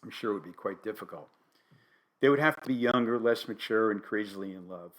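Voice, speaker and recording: An older man from New Haven, Connecticut, with a New England accent, hosting a solo podcast with dry, wry, deadpan humor. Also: lowish voice, a little fast. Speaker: podcast host.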